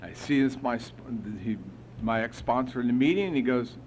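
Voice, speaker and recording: A middle-aged man telling his own recovery story to a meeting, animated, acting out conversations and chuckling as he goes. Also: mid-range voice, a little fast, a little hiss or hum, rough recording. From United States. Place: meeting hall.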